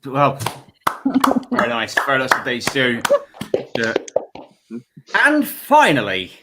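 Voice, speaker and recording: A man's voice: mid-range voice, wildly swooping pitch, takes it slowly, heavy background noise. A man hosting a comedy panel show, chatty and stammering, self-deprecating. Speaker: host.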